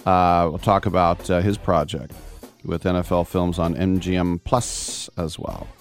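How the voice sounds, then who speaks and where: A man hosting a live sports talk radio show, loose and joking, jumping quickly from one topic to the next. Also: sits low, fairly even intonation, faint music behind. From San Francisco Bay Area.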